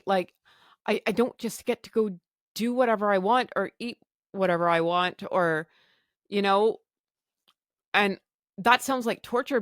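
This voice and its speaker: A middle-aged woman hosts a podcast, telling a personal story with candor and emotion, swearing freely and acting out her own thoughts. Her voice sits in the mid-range, and the recording is dry, with clean studio sound.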